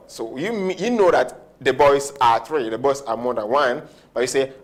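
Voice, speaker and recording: A man teaching a French grammar lesson at a board, slowing down on key words and often checking that students follow. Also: medium pitch, expressive. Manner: repetitive, checks understanding often; slows down to stress key words. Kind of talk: whiteboard language lesson.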